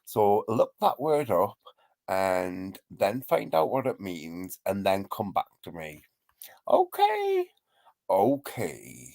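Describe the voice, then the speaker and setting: A man's voice: low-pitched, big pitch swings, slow pace, gravelly, a little mellow, dry recording. A man hosting a live stream, ranting and trading insults in a mocking gossip style, laughing often.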